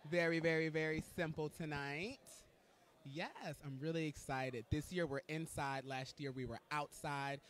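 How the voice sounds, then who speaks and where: A man hosting live red carpet commentary from an indoor event, gushing, excitable and campy as he talks to his viewers. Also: a little high.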